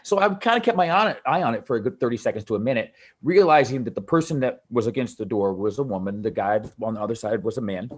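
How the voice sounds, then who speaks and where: A man who works as a DJ, telling a personal story in an animated way with halting restarts. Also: mid-range voice. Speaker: DJ asking a question.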